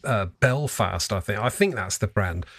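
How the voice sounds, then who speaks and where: A man steering a podcast chat in a fairly low voice. He hesitates often and laughs easily. The sound is close and dry. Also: expressive, normal speed, a bit bright, no room sound. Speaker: podcast host. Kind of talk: casual chat.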